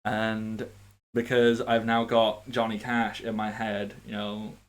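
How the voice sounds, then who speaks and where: A man's voice: on the low side, monotone, slow pace. A British man running a tabletop game, chatting casually and rambling, mocking himself and swearing now and then. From Britain. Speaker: game master.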